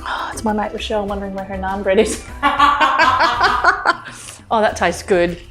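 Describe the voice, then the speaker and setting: A woman's voice: medium pitch, fairly even intonation, moderate pace. A woman hosting a casual cooking demonstration in her kitchen, chatty and gushing as she exclaims over the food. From Australia. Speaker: cooking show host, chef. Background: music and sizzling food.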